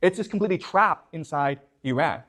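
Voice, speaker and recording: A man lectures his class fairly quickly in an animated, slightly bright voice on the high side. He questions his students and repeatedly checks in with them: "okay? you understand?"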